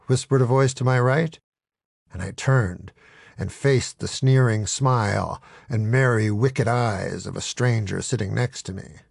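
Gravelly deadpan male storyteller. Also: mid-range voice, measured pace, dry recording. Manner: dry, deadpan delivery with lively swings. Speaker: audiobook narrator.

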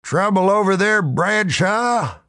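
A man voicing a gruff, loud male tavern barkeep who hollers curtly across the bar, in a comic storybook reading. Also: fairly high pitch, sing-song, a little slow, dry recording, clean studio sound, voice pushed up.

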